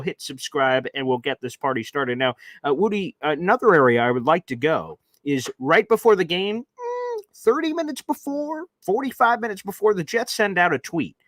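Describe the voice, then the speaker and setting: A man hosting a live sports podcast, chatting casually with jokes and shout-outs to viewers. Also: a little high, no room sound. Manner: animated, joking, reads out member names. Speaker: host.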